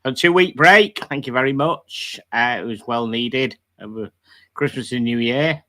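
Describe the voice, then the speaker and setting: A man with a bright, forward voice hosts a casual live stream. He chats loosely, reads out viewers' greetings and thanks them one by one. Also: medium pitch, measured pace. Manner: chatty, reads chat greetings aloud. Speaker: livestream host.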